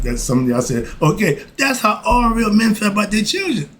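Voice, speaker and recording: A man's voice: sits high, very animated, brisk, fairly bright tone, slight background noise. An older man giving life advice in a casual monologue, folksy and emphatic, breaking off with frequent asides.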